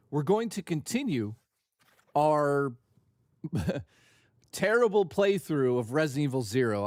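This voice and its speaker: A man hosting a live reaction stream, joking loudly, swearing and rambling crudely at a desk mic. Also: mid-range voice, no room sound, studio quality.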